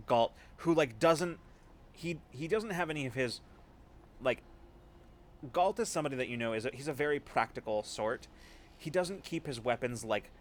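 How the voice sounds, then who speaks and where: A man's voice: mid-range voice, fairly bright tone. A male game master narrating a tabletop session in a loose, conversational way. His mid-range voice meanders through "like" and "um" as he describes the scene. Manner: casual, filler-heavy narration.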